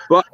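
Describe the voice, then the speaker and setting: A man chatting crudely and joking with friends on a livestream, profane and quick to laugh. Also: a little high, fairly bright tone, breathy edge, dry recording. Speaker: livestream co-host. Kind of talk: crude casual banter. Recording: dull lo-fi stream audio.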